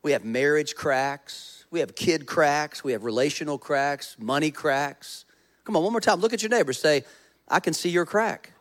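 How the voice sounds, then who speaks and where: A man's voice: on the high side, normal speed, fairly bright tone. A male pastor preaching a conversational sermon, joking with the congregation and acting out voices in his stories. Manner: conversational preaching with jokes and audience prompts; acts out quoted voices in stories.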